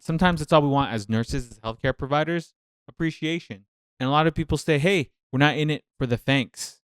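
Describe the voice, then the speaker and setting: Male nurse, casual reaction vlogger; resonant voice, mid pitch, vents and repeats himself when fired up. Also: clear, resonant tone, no room sound, clean studio sound. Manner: passionate, venting, thinks aloud with repeated phrases.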